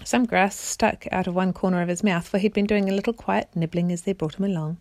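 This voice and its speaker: A parent reading a children's storybook aloud in a steady narrating voice, with small stumbles and the odd throat-clear. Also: female voice, medium pitch, brisk, no room sound.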